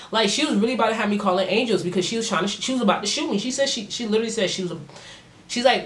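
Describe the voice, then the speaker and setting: A young adult woman vlogger telling a casual story time, animated and full of slang and swearing. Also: mid-range voice, very fast. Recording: roomy echo.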